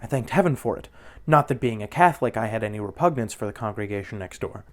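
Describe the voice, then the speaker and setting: A man narrating a classic horror story in the first person, with measured, dramatic pacing. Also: on the low side, animated. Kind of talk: audiobook narration.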